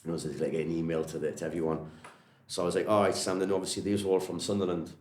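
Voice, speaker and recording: A Geordie man with a very low voice talks quickly as a martial arts coach, rambling through stories in a friendly, casual way. His voice carries an echo from the room around him. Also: level tone, a little mellow, slight background noise. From Newcastle, England. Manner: rambling, friendly, lots of "you know" and "like". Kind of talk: casual storytelling interview.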